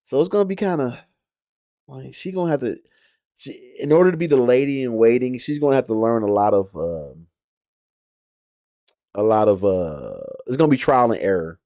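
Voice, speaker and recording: A man's voice: medium pitch, animated, moderate pace, pauses often, dark tone, dry recording. Rambling casual man reviewing a show. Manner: rambling, with frequent fillers and restarts. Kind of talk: casual reaction talk.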